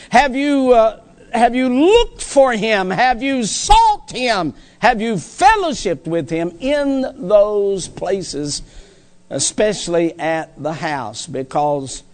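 A male preacher delivering a sermon in an emphatic, folksy way, repeating phrases for stress. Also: very high-pitched.

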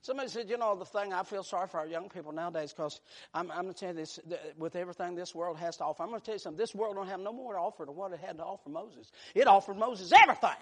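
A man preaching a sermon, moving between quiet, hushed storytelling and loud, shouted passages. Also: high-pitched, racing.

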